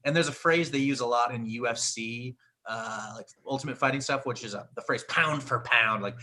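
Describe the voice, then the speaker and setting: A man doing stand-up bits as a comedy guest, animated and profane, mocking himself as he goes. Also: mid-range voice. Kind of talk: stand-up bits on a live show.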